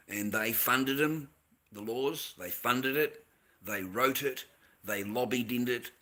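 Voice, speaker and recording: A man's voice: lowish voice, fairly bright tone. A man delivering a heated, profane, repetitive rant in a monologue. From Australia. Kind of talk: ranting monologue.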